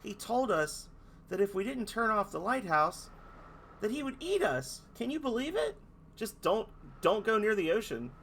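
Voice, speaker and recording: A man's voice: big pitch swings, moderate pace, creaky, a bit bright, slight background noise, exaggerated voice. A man voicing tiny fairies from a game, whiny and taunting. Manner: high, whiny, name-calling.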